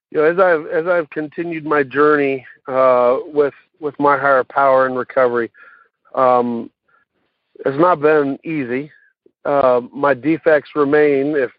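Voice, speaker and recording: Male speaker, mid-pitched, halting personal share; phone-line audio, dry. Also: no room sound. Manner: halting, many fillers and restarts. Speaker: recovery meeting speaker. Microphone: phone call.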